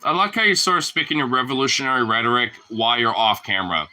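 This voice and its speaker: A man's voice: fast, few pauses, pushed and bright, low-quality recording. A young man vlogging casually, swearing and using slang, chatting to the camera and talking to his dogs. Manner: swearing, slangy, slips into high baby talk with his dogs.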